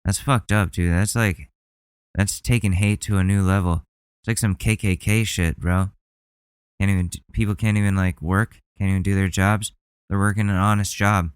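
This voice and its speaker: A man's voice: deep voice, steady tone, moderate pace, smooth, no echo. A man hosting a podcast, reacting to videos bluntly and indignantly, swearing often. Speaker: podcast host.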